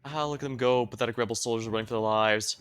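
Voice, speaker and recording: Fast-reading male streamer. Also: medium pitch, steady tone, a bit bright, smooth. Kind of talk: reading game dialogue aloud. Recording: faint game music behind.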